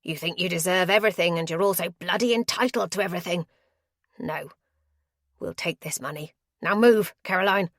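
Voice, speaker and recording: A woman's voice: low voice, very animated, measured pace, vocal fry, fairly bright tone, dry recording, clean studio sound, exaggerated voice. A woman narrator voicing a desperate, menacing male criminal with a threatening manner.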